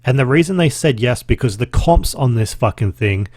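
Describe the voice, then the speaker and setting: A man in his thirties with an Australian accent talks in a loose, chatty way, swearing often. His pitch is mid-range for a man. The recording is dry and close, with no room sound. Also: animated, normal speed, a little mellow, husky, no echo. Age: 30s. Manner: chatty and profane, with laughs. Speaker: podcast host. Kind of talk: casual solo podcast recap.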